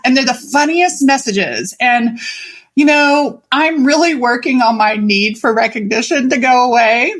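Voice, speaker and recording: A woman hosting a podcast as a life coach, talking in an energetic, chatty way and swearing freely. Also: a little high, normal speed. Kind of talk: casual podcast monologue.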